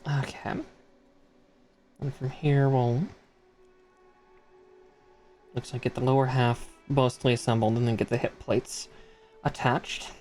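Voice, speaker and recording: A man's voice: medium pitch, fairly even intonation, unhurried, a little mellow, soft background music. A man chatting casually on a live stream as he builds a model kit. He laughs often and reads part numbers aloud between stories.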